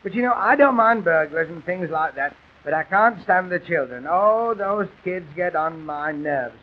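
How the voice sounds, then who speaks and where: A man playing a weary, rambling police constable, telling deadpan comic stories on a dull old gramophone recording. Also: high voice, normal speed. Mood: chatty. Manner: chatty, rambling, self-pitying with deadpan gags. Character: weary, grumbling male police constable on the beat. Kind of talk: music-hall comic monologue and patter.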